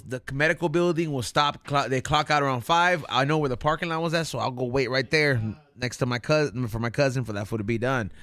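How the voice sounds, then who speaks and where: Bright-voiced slangy man telling a story. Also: mid-range voice. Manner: slangy, swears a lot, calls people "dog". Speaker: podcast co-host. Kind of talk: casual chat, storytelling.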